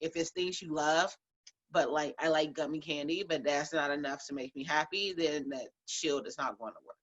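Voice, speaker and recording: Woman, low pitch, blunt, chatty, laughing often, interview guest. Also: fairly even intonation, normal speed, muffled recording. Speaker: Reiki practitioner and herbal business owner. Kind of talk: casual interview answers.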